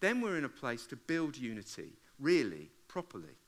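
A man, preaching a sermon to a congregation in a humorous, conversational way and acting out arguments with loud outbursts. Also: mid-range voice, huge pitch swings, normal speed. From England. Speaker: pastor. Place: church service before a congregation.

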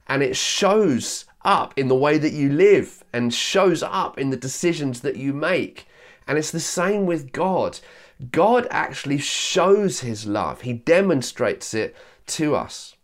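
A man from Yorkshire, England, preaching a sermon. He slows to stress key phrases, repeats his main lines and quickens for asides. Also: on the high side, expressive. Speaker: pastor.

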